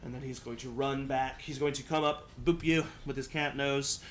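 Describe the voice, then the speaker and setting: A man's voice: medium pitch, fairly even intonation, normal speed, slight background noise. A man narrating a tabletop game as game master, casual and laid-back, chuckling often.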